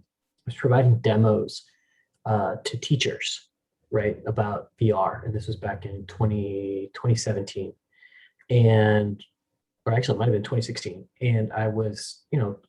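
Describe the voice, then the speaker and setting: A man hosting a meetup, telling a story in a casual, halting way over a video call, with many restarts and fillers. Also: mid-range voice, warm tone, low-quality recording. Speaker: meetup host.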